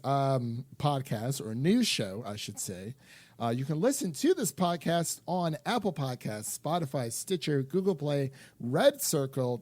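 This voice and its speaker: A young man co-hosting a film podcast, talking in an animated, rambling way with lots of restarts and fillers. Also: a little high, no room sound. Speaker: podcast co-host. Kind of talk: casual chat.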